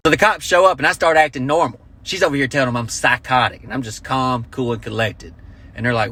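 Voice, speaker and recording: A man's voice: on the high side, quick pace, pushed and bright, no room sound. A man telling a comic story as a profane, sarcastic rant. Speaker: stand-up comedian.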